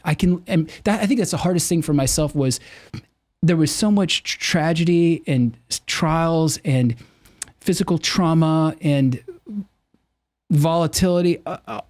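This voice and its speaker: As a podcast guest, a middle-aged man tells candid personal stories earnestly and with animation, acting out the voices of people he quotes. His voice is fairly high with a darkish tone at a normal speed, and there is no room sound.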